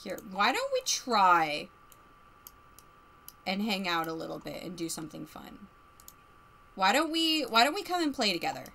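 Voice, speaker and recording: A woman's voice: medium pitch, very animated, normal speed, creaky, pauses often, sharp tone, slight background noise. A woman streamer giving chatty, casual commentary as she plays a life-simulation game, narrating what the characters feel and laughing often.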